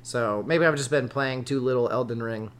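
A man's voice: medium pitch, moderate pace. A man co-hosting a podcast in loose, casual conversation. His delivery is sarcastic and jokey, full of mocking asides as he picks apart a book. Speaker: podcast co-host reviewing a book. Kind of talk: casual chat.

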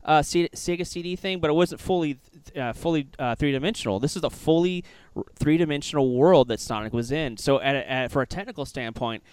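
A man's voice: fairly high pitch, a little fast, darkish tone, clean tone, no room sound. A man hosting a podcast, an enthusiastic fan chatting casually and rambling with many fillers. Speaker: podcast host. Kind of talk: casual interview chat.

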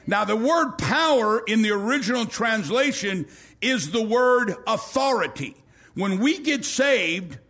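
A male pastor preaching a sermon in a church, telling a story with acted-out quotes and rising to shouts. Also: very high-pitched. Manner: storytelling, acts out quoted voices, rises to shouting.

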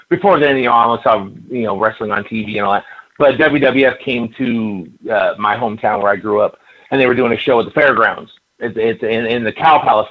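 A man in his fifties, a podcast guest, telling rambling stories with stammers in casual interview chat. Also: on the low side. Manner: rambling anecdotal storytelling, stammers. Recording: dull lo-fi audio.

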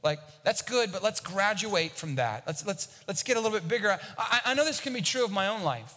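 A man's voice: sits high, lively intonation, a little fast, pushed and bright, in a large hall. A man preaching a sermon as a pastor, talking conversationally and often repeating a word as he starts a thought.

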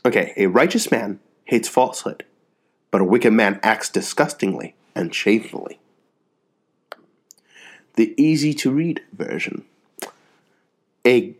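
A man co-hosting a devotional podcast, chatting easily and reading Bible verses aloud. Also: lowish voice. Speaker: podcast co-host reading scripture. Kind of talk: casual podcast chat and scripture reading.

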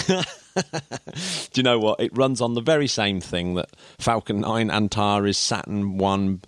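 A man with a very low voice talks through a topic in a loose, chatty way. He restarts his sentences often and breaks into chuckles. The sound is close and dry, with no room around it. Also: a little slow, smooth, no room sound. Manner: rambling, self-correcting, chuckles often. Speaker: podcast co-host. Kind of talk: casual explanatory chat.

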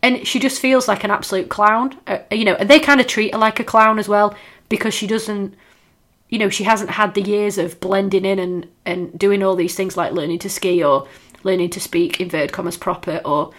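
A woman's voice: medium pitch, steady tone, moderate pace, a bit bright. A woman, chatting casually and swearing freely as a podcast co-host. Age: 30s. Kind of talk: casual chat.

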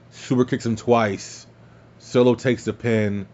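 A man hosting a podcast, recapping wrestling in casual, excitable talk, swearing freely and laughing at his own slips. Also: medium pitch, takes it slowly, muffled recording. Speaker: podcast host.

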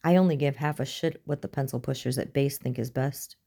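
A woman's voice: very deep voice, a little fast, mellow. A woman voicing a tough, blunt female squad commander who speaks in curt orders.

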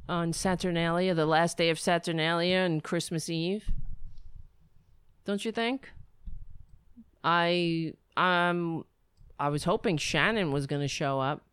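A woman's voice: on the low side, a bit bright, clear, resonant tone, dry recording. A woman hosting a political commentary livestream, sarcastic and rambling, breaking into mocking impressions. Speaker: livestream host.

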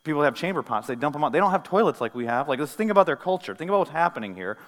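A man's voice: on the high side, very fast. Man preaching in a reverberant sanctuary. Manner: animated preaching, swinging from soft to loud; conversational, with asides and light humor. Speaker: pastor. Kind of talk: sermon. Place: church sanctuary.

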